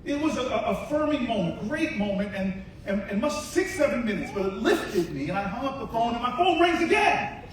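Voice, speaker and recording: A man giving a rousing political speech at a rally, telling a story that swings from hushed to shouted calls to the crowd. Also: extremely high pitch, big pitch swings, brisk, distant mic, a little hiss or hum. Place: large university hall with a crowd. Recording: echoey hall, mic heard from afar.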